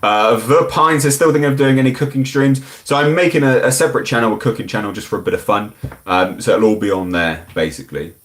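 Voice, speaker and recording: A man's voice: mid-range voice, quick pace. A British man hosting a live stream, chatting casually and bluntly as he answers viewer comments in a rambling, frank way. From United Kingdom.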